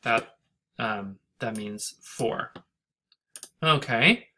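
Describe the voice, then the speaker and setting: A male teacher lectures in an unhurried, measured way. His voice is bright and forward. He thinks aloud, pausing and correcting himself mid-word, with keyboard typing behind him. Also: mid-range voice, slight background noise. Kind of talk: screen-recorded lecture.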